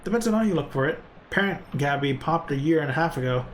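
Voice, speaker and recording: A man's voice: on the high side, lively intonation, fast, a little hiss or hum, natural voice. A man voicing an eager young goblin flapper woman who speaks of herself in the third person.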